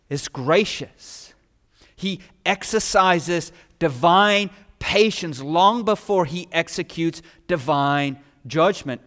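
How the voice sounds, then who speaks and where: A man preaching a sermon, emphatic and full of rhetorical questions, rising loud and dropping low. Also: in a large hall. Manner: emphatic, with rhetorical questions and strong swings in loudness.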